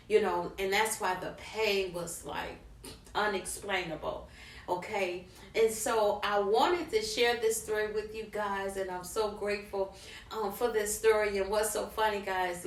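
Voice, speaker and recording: A woman's voice: mid-range voice, creaky. Middle-aged woman telling a story in a roomy space. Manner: animated storyteller, talks straight to viewers as "guys". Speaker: vlogger. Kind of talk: personal story time. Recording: roomy, from a distance.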